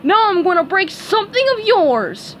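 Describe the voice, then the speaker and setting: A woman's voice: very high-pitched, sing-song, moderate pace, a little hiss or hum, pitched above the performer's own voice. A woman voicing a furious male starfish turned monster, bellowing threats in a raised voice.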